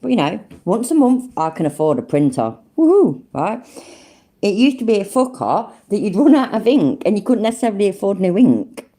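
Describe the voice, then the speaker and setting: A woman's voice: mid-range voice, sing-song, quick pace, hardly any pauses, warm tone. A woman giving mocking reaction commentary over a stream, sarcastic and taunting, swearing freely.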